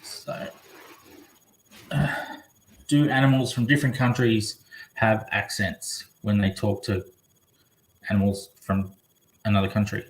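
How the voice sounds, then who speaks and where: A man's voice: on the low side, flat delivery, a little slow, pauses often. Rambling man live-streaming in an echoey room. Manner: rambling, chatty, reading comments aloud. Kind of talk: casual live-stream chat.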